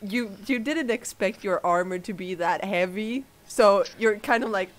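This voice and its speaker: Running a tabletop session as the game master, she talks in fits and starts, filling pauses with "um"s and laughing often. Her pitch is medium.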